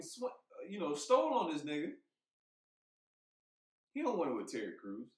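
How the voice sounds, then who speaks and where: A man co-hosting a podcast, talking in a heated, emphatic way, swearing freely and thinking out loud with restarts. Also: a little high, wildly swooping pitch, moderate pace, pauses often. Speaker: podcast co-host. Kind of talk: casual podcast chat. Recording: roomy echo.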